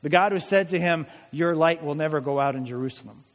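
A man's voice: fairly high pitch, a little fast. A man preaching a sermon as pastor, dramatic and emphatic, asking rhetorical questions of the congregation. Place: church hall. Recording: long hall reverb.

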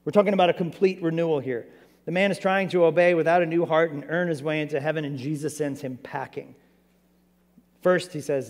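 A man preaching a sermon as pastor, animated and conversational, asking his church many rhetorical questions. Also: fairly high pitch, fairly quick, in a large hall.

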